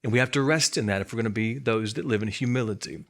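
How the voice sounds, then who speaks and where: A man's voice: medium pitch, quick pace, a bit bright. A man giving a sermon as a church's student ministry coordinator, conversational and emphatic, repeating key lines and adding light humor.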